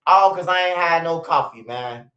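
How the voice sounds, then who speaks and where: His voice sits fairly high and sounds bright and forceful, moving at a moderate pace. This forty-something channel host rambles through profane livestream stories, frequently starting over and laughing. The recording is lo-fi, roomy and dull.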